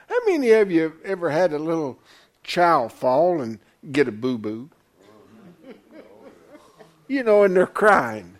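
High, lively folksy preacher man. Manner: folksy, calls congregation "honey", swings from loud to hushed. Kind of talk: sermon. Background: congregation responses.

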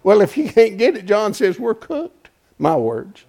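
A man preaching a folksy Bible teaching sermon, quizzing his congregation and swinging between hushed asides and loud, emphatic points. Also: high voice, big pitch swings, normal speed, gravelly. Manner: asks the congregation questions and draws answers; homespun and colloquial, with frequent "folks" and "ain't".

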